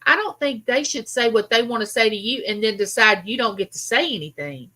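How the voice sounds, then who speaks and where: A woman with a loud manner, chatting casually as co-host of a live show. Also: on the high side, expressive, brisk. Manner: loud, talks with her hands. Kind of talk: casual chat.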